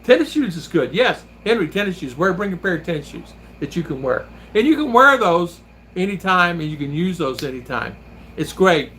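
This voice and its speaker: A man's voice: high voice, very animated, moderate pace, bright, forceful tone, a little hiss or hum. A man hosting a vlog, chatting casually and telling rambling stories while laughing often. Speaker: vlogger and host. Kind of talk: casual chat.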